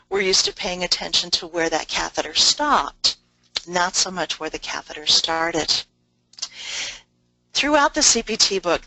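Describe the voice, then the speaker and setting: Woman coding instructor, chatty webinar talk with lots of um and you know, crisp bright tone. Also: on the low side, no echo, rough recording. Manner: brisk, explanatory, with many fillers and asides. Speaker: medical coding educator. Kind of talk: webinar lecture.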